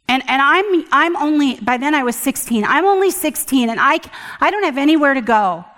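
An older woman giving an earnest personal testimony at church, halting often and restarting her sentences. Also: sits high, lively intonation, a bit bright, in a large hall. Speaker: church speaker.

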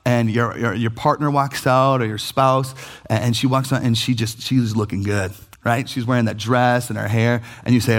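A man, preaching a sermon as pastor in an animated, conversational way with jokey asides. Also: medium pitch, brisk.

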